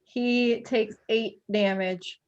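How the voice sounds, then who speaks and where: High-voiced woman dungeon master. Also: steady tone, drawn-out words, dull audio. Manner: playful, laughing, filler-heavy narration. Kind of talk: narrating a tabletop game.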